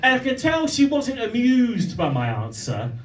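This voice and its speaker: A young man with an extremely high-pitched voice performs stand-up at normal speed in a pub before a live audience, building animated stories to punchlines. The recording is echoey and distant, with heavy background noise and audience laughter.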